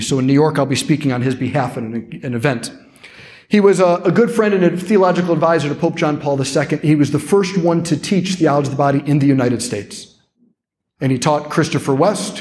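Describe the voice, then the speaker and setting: Priest, young adult man, lively keynote speaker with a slightly high voice, conversational and playful. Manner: animated, conversational, playful asides. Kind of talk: keynote talk.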